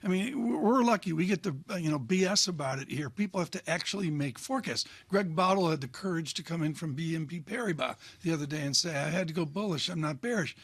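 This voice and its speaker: A man with a fairly high voice co-hosts a financial news show, wandering through his points with wry, jokey asides. His delivery is rambling and conversational, and the studio sound is dry and close. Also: animated, fast, few pauses, fairly bright tone, slightly rough, no echo. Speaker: co-anchor. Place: broadcast studio.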